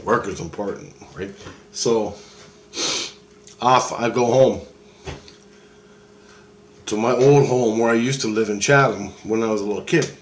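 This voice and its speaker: A man's voice: on the low side, unhurried, pauses often, a little hiss or hum. A middle-aged man recounts a dream. His talk wanders, swears freely and keeps doubling back on itself. The telling stays casual and unpolished. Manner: loose, rambling and profane, with many restarts. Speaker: vlogger. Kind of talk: rambling dream retelling.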